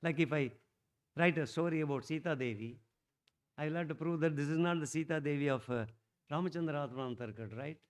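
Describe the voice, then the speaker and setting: A middle-aged man, telling a devotional story at a satsang in a rambling, animated way, restarting often and bursting out louder. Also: on the high side, fairly quick. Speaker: satsang speaker.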